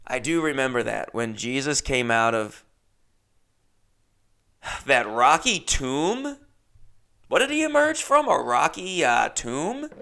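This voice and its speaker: Gravelly young man, rambling storyteller. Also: on the high side. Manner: rambling, animated storytelling with sudden jumps in loudness. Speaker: comedian podcast host. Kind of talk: casual solo chat. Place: his first-floor apartment.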